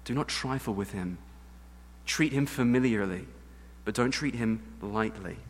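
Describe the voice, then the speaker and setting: A man from England, a pastor with an English accent, preaching an earnest sermon that swings between hushed and loud emphasis. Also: on the low side, a little slow. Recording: long hall reverb.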